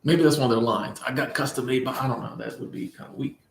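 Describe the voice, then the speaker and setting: A man hosting a casual livestream, reading chat and answering viewers in a relaxed, playful way, often repeating his phrases. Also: medium pitch, fast talker, vocal fry, a little hiss or hum. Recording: echoey room.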